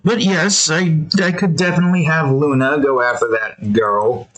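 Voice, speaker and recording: A man's voice: a little high, steady tone, normal speed, fairly bright tone, rough recording. A man giving casual, rambling commentary while he draws. He breaks off often with fillers and restarts. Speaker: artist and video creator.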